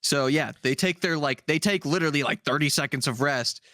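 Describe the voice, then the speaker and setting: A man co-hosting a podcast rambles casually about tabletop games, swearing and using lots of fillers. His voice is a little high, fairly quick, pushed and bright, in a dry, clean studio recording.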